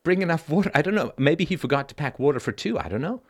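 A man's voice: on the high side, animated, fast talker. A middle-aged man hosting a call-in show, talking bluntly and emphatically, swearing freely and tagging "right?" onto his points. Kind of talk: conversational call-in monologue.

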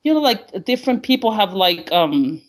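A woman calling in from Honduras, excitable and rambling, laughing often and acting out conversations. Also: medium pitch, normal speed. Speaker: caller. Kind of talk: casual call-in conversation.

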